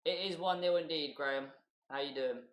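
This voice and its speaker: A man's voice: fairly high pitch, brisk, fairly bright tone, roomy sound. A man talking through a live football match and chatting loosely with his viewers as a streamer. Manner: chatty, loose, reacts to play and reads out viewer names.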